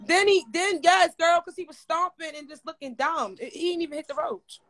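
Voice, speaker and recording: On a livestream, a woman with a very high voice tells a long, profane story in casual chat at a slightly fast clip. She's animated and repeats words for effect.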